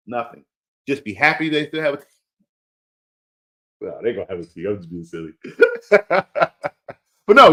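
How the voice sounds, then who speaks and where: A man's voice: on the high side, a bit bright. A man hosting a fantasy football show, ranting casually and repeating his warnings to a listener, playful and laughing at himself. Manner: emphatic and repetitive, pleading with a listener. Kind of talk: casual opinionated rant.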